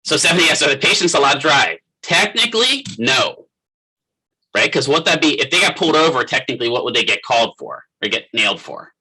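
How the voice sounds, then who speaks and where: Husky middle-aged male instructor, very bright tone, casual classroom lecturing, quizzes students. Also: mid-range voice, expressive, fast talker, hardly any pauses, poor audio. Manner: conversational, quizzes the class by name. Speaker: physical therapist assistant instructor.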